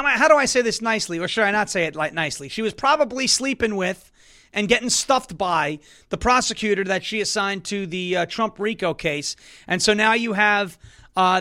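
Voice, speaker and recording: A man hosting a casual political talk show, reading an ad and joking loudly in a mocking way. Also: high-pitched. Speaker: host.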